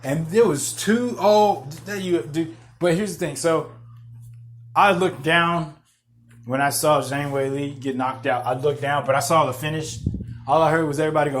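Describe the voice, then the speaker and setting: A man hosting a podcast, rambling in excitable, profane casual chat full of restarts. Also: fairly high pitch, normal speed. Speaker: podcast host. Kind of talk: casual chat about MMA fights.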